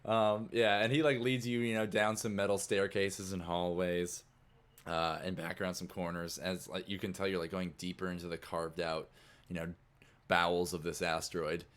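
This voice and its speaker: A man's voice: low-pitched, flat delivery, moderate pace, fairly bright tone. A man narrating a tabletop game as game master in a casual, rambling way. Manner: casual, filler-heavy narration.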